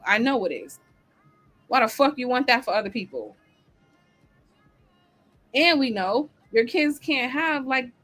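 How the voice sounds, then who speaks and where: A woman's voice: fairly high pitch, fairly bright tone. A woman hosting a livestream talk show, ranting bluntly and heatedly with heavy swearing and answering the live chat. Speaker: host.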